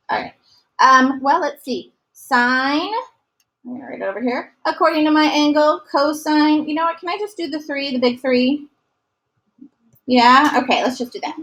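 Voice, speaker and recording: Woman math teacher, high bright voice, asks and answers her own questions. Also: rough recording. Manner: asks questions and answers them herself, praising. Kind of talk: recorded classroom math lesson.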